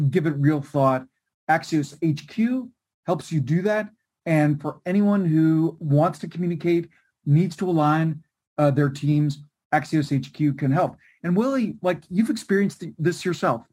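A man's voice: fairly high pitch, a little mellow, slightly rough. A middle-aged man being interviewed who explains his points with energy and emphasis. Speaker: guest, newsletter writer and co-author. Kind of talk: interview, explaining to a webcast audience.

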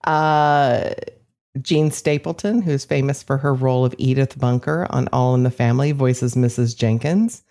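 A woman's voice: a bass voice, moderate pace, dark tone. A woman co-hosting a podcast, sharing film trivia and agreeing in casual chat. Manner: thoughtful, shares trivia, agreeable. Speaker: podcast co-host.

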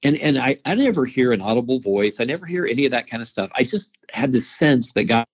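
A middle-aged man, a psychologist and veteran, telling a personal story as an interview guest, animated and often repeating his words. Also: mid-range voice, fast, husky, rough recording. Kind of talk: conversational storytelling.

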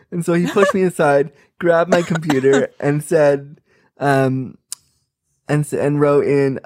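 Man, 30s, comic storyteller, slightly higher pitch, candid, chatty and unfiltered. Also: steady tone, measured pace, a little mellow. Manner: candid, frank, chatty with many fillers.

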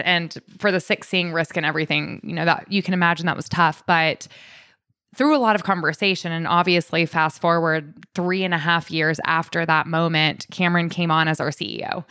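A woman's voice: lowish voice, steady tone, brisk, sharp tone, clear, resonant tone, no echo. A woman co-hosting a podcast, telling stories in an upbeat, casual way and acting out quoted dialogue. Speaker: podcast co-host. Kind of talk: casual chat.

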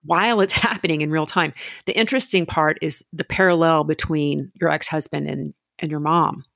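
A woman's voice: sits low, fairly even intonation, normal speed, gravelly, fairly bright tone, dry recording, studio quality. A woman hosting an interview, affirming and empathetic as she asks questions. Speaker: host. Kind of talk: interview podcast.

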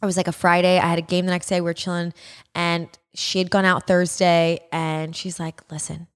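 A woman podcast co-host in casual banter, quick, crude and joking. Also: lowish voice, flat delivery, clean tone.

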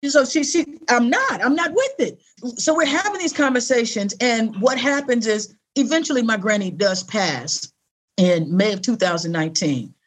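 A middle-aged woman with a somewhat high voice, speaking at normal speed, is an interview guest telling a personal story. She's earnest, conversational and animated, acting out the voices of the people she quotes.

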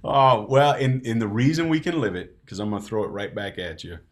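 A man's voice: lowish voice, lively intonation, a little fast. A middle-aged man hosting a faith podcast, speaking earnestly in a casual conversational way. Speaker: podcast host.

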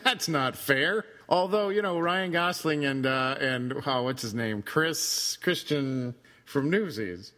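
A man co-hosting a podcast, chatting casually about a film, animated and teasing, laughing often. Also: on the high side, takes it slowly, long reverb tail. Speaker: podcast co-host.

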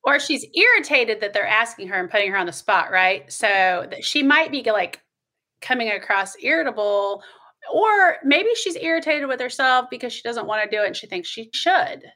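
A woman co-hosting a casual advice talk who gives calm, practical suggestions and reads out listener questions. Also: a little high, normal speed. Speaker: podcast co-host.

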